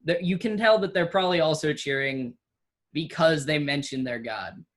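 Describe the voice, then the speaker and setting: A game master narrating a tabletop game, unhurried, with many ums and restarts. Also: mid-range voice.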